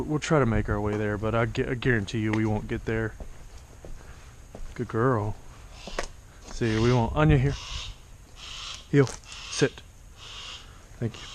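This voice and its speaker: A man narrating a casual vlog outdoors as a falconer, talking quietly and patiently and coaxing his bird between remarks. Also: mid-range voice, slight background noise. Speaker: falconer training a hawk. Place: outdoors among trees.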